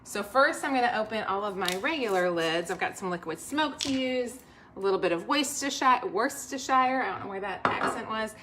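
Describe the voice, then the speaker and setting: Upbeat and brisk, a woman running a cooking livestream speaks straight to her viewers from her home kitchen, reading out comments between steps. She has a mid-range, expressive voice, and the background is noisy.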